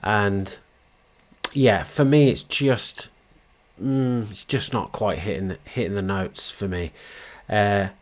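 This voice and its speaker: A man's voice: on the low side, slow pace. A man hosting a wrestling commentary show, talking in a blunt, frustrated casual rant with crude slang. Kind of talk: opinionated casual monologue.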